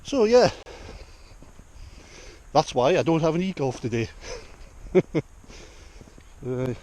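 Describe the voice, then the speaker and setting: A man's voice: medium pitch, measured pace, darkish tone, a little hiss or hum. A young man from North East England with a Northumbrian accent, vlogging in casual rambling chat while out on a rural walk. He thinks aloud and talks to his dog as he goes.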